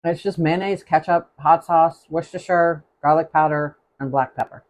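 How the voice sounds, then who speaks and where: A man's voice: a little high, fairly even intonation, moderate pace. A man hosting a live cooking stream, chatting casually and rambling as he tastes the food. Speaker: cooking show host.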